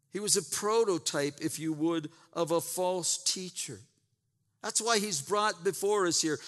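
Slow, high-voiced preacher in a hall. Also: male voice, fairly bright tone. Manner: emphatic, repeats words, retells scripture with asides. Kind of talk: sermon. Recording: long reverb in a large hall.

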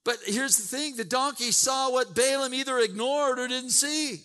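A man's voice: very high voice, normal speed, pushed and bright, smooth. A man preaching a sermon, retelling scripture with emphatic asides and repeated words. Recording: long reverb in a large hall.

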